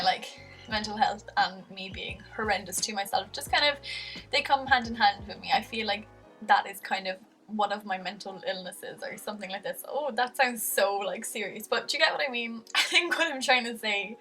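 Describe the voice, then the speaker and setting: A young Irish woman rambling candidly to camera, her words loose and full of fillers. She sits a little back from the microphone. Soft music plays faintly underneath. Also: medium pitch, distant mic, low-quality recording. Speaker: vlogger. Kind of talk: casual confessional talk to camera. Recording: music faintly behind, voice a bit off-mic.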